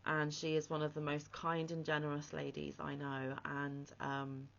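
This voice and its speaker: A woman hosts her crochet channel in a casual, gushing way, full of heartfelt emotion. Her voice sits a little low. The audio is slightly dull and lo-fi. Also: completely flat delivery, moderate pace, gravelly, a bit bright. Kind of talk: casual vlog shout-out.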